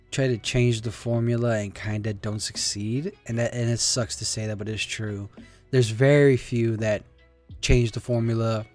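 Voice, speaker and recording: A man's voice: lowish voice, a little mellow. Casual male host, loose and rambling, swears, faint music underneath. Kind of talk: casual solo chat.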